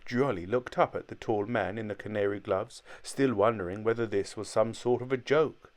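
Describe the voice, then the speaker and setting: A man reading an audiobook as narrator, in measured, even storytelling. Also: fairly low pitch. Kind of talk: scripted narration.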